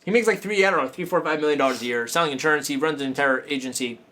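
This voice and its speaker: A man's voice: a little high, rapid-fire, sharp tone. A man hosting a coaching talk show, speaking casually and emphatically, repeating himself for effect and swearing freely. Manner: emphatic, repetitive, profane, laughing asides.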